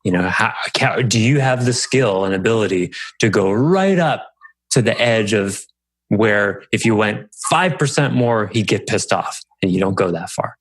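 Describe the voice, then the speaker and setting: A man hosting a podcast, coaching a guest in a calm, reflective way. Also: fairly low pitch, moderate pace, dry recording. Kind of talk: coaching conversation.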